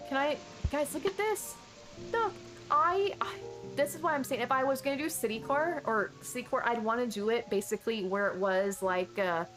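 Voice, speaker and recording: A woman streaming a game and chatting casually, rambling along with sudden excited exclamations. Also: medium pitch. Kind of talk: casual gameplay chat. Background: chill background music.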